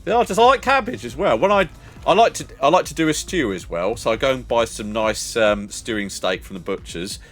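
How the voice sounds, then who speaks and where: A man's voice: medium pitch, expressive, a little fast. An older man, chatting casually with viewers as a streamer, rambling and laughing often. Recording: faint music behind.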